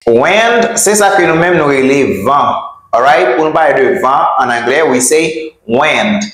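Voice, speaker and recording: Guy teaching english vocab, slow drawn-out repeats, echoey room. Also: medium pitch, a bit bright. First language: Haitian Creole. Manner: slow, drawn-out repetition of English words, quick in Haitian Creole. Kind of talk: bilingual vocabulary lesson.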